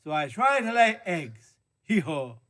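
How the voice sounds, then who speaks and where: A high, sing-song donkey puppet voiced by a man who keeps braying hee-haw between his words. He drawls slowly and swoops up and down, earnest and a bit mopey, the way a kids' church puppet talks. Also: sing-song, pushed and bright, heavily acted. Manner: punctuates speech with hee-haw brays. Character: glum male donkey puppet, earnest, brays. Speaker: kids' time puppet character.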